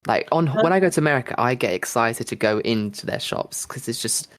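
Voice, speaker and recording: A man from the United Kingdom hosting a podcast, chatting casually in quick rambling bursts with lots of fillers. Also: mid-range voice, expressive, fairly bright tone. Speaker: podcast host. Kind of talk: casual chat.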